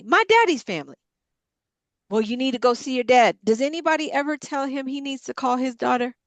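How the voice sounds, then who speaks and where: A woman's voice: high-pitched, a bit bright, dry recording. A middle-aged woman leading a Bible study group, talking bluntly and with feeling, swearing freely. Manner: blunt, impassioned, frank swearing. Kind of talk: candid group discussion.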